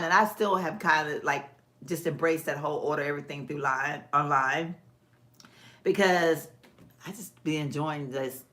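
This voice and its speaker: A Texas woman hosts a casual livestream, chatting folksily with viewers while doing her nails. Her low-sitting voice is expressive, bright and forceful at normal speed; she's chatty, laughs often, and calls viewers "girl."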